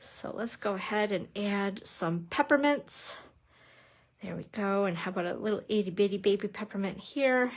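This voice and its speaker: Speaking at normal speed with a medium-pitched voice, this woman is a papercrafting instructor in middle age. On her live stream she demonstrates the craft, bubbly and talkative, poking fun at herself and saying hi to viewers.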